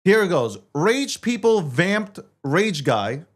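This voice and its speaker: A man's voice: high voice, big pitch swings, slow. A man hosting a talk show, ranting in a profane, combative way as he reads social media posts aloud and argues back at them. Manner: profane, combative, heated rant. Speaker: show host.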